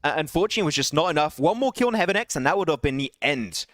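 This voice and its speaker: A young man calls a mobile battle royale match by himself on a live stream. He talks quickly and climbs into excited shouts at the big plays. His voice sits high. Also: no echo. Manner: excitable, rising to shouts at big plays, laughing apologies to chat. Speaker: esports caster. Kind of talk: solo live esports play-by-play.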